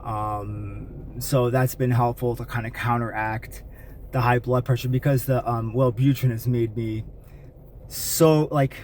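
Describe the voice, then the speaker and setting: A man's voice: medium pitch, fairly even intonation, unhurried, a little mellow, a little hiss or hum. A man talking candidly to camera in a casual personal vlog, rambling with frequent fillers and restarts. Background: faint rain.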